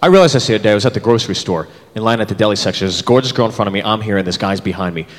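A man's voice: fairly low pitch, rapid-fire. A man in his thirties performing a stand-up comedy routine, acting out characters as he goes. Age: 30s. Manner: animated, acts out characters in put-on voices. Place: comedy club stage. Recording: live hall with crowd noise. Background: audience laughter.

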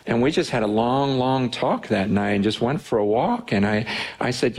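A man preaching, telling a personal story in an earnest, animated way. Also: medium pitch, moderate pace, slightly rough. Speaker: pastor. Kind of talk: sermon storytelling.

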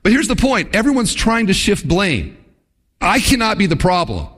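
High-voiced preacher in a ringing hall. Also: male voice, sing-song, moderate pace, fairly bright tone, slightly rough. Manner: earnest, uses rhetorical questions. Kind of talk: expository sermon. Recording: long hall reverb.

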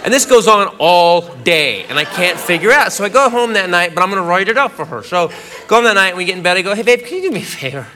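A man doing stand-up comedy, telling a rambling story with animated outbursts on a club stage. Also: high voice, quick pace, noisy background. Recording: live club with loud crowd laughter.

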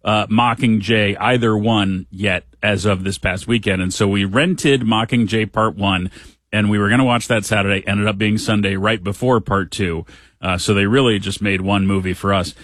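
A man's voice: lowish voice, steady tone, normal speed, fairly bright tone, no echo. A middle-aged man hosting a radio show, telling a story in a casual, chatty way with dry humor. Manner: chatty, dry humor, acts out quotes in voices. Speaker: radio host. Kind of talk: casual monologue.

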